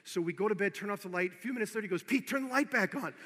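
A man preaching, telling a personal story with animated acted-out dialogue and swinging from hushed to loud exhortation. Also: high voice, rapid-fire. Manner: animated storyteller, acting out both sides of the dialogue. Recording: long hall reverb.

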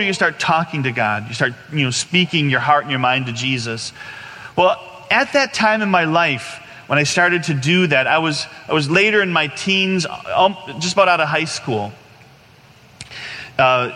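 A man in his forties giving an animated personal testimony to a congregation, acting out scenes as he tells them. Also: a little high, in a large hall. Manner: animated storyteller, acts out scenes.

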